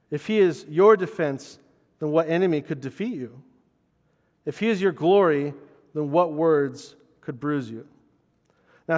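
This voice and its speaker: A man's voice: on the high side, in a large hall. A man preaching a conversational sermon as pastor, earnest and personal, often repeating words as he restarts a thought.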